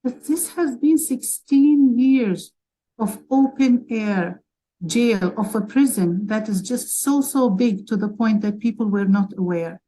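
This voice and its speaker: A woman's voice: on the high side, lively intonation, slow pace, warm tone, low-quality recording. A woman from Palestine speaking as a webinar panelist, emotional and urgent as she argues for advocacy. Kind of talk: impassioned advocacy talk.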